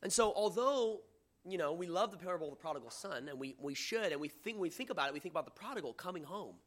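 A man's voice: sits high, animated, quick pace, a bit bright. A man preaching a sermon, reading scripture aloud with dramatic emphasis and asking the listeners questions in a conversational way.

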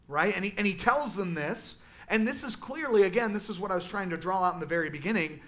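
A man teaching a Sunday school class in a casual, animated way, with lots of fillers. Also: high-pitched, brisk. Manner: animated, conversational, many fillers. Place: church classroom.

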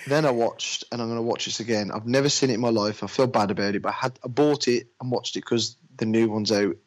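Bloke chatting films with a mate, loose and rambly, does quick voices in his stories. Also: medium pitch, steady tone, rough recording. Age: adult with a daughter. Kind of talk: casual chat.

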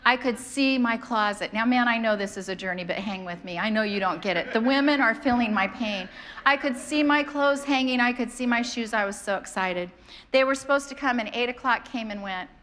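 A middle-aged woman, a pastor, preaching a sermon in an animated, conversational way, often acting out the voices of people in her stories. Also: on the high side, fairly quick. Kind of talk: sermon with storytelling.

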